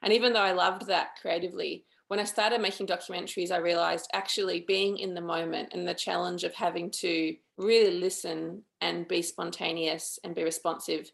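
A woman's voice: fairly low pitch, steady tone, a little fast, gravelly, few pauses. A woman filmmaker being interviewed, speaking in a thoughtful, earnest and chatty way. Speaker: documentary filmmaker, guest. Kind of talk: interview conversation.

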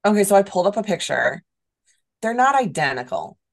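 A woman's voice: medium pitch, very animated, brisk, creaky. A woman in her thirties co-hosting a podcast, chatting casually with wry, dry remarks. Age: 30s. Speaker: podcast co-host. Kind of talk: casual chat.

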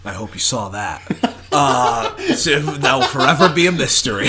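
A young man co-hosting a casual podcast, talking in a playful, jokey, animated way. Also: mid-range voice, a little slow, crowd noise. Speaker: podcast co-host. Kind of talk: casual chat.

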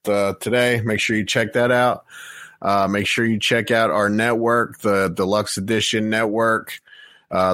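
A man co-hosting a podcast, talking in a relaxed, easygoing way with plenty of "uh" fillers as he plugs shows and tells stories. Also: fairly low pitch, dry recording, studio quality. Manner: relaxed, uses many "uh" fillers while plugging shows. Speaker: podcast co-host. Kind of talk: casual podcast banter.

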